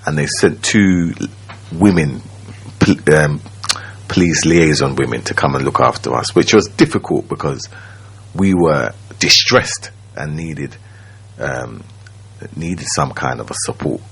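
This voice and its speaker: Man, very deep voice, husky, slow reflective storytelling, radio studio guest. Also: fairly bright tone. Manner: slow, reflective, keeps checking in with the listener. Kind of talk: personal storytelling.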